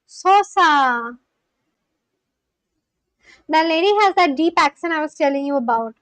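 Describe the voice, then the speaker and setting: A woman talks through a casual live stream from her home. Her voice sits high and bright, recorded dry and close, and she keeps up a running, chatty commentary as she reacts to clips and messages from viewers. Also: animated, measured pace, no room sound, rough recording. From India. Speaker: language-learning livestreamer.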